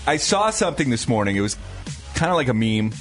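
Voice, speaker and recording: A man co-hosting a morning radio show from a studio mic, his voice swinging up and down with lively intonation. He banters in a playful, jokey way and rolls into station liners with ease. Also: mid-range voice, fairly quick, faint music behind.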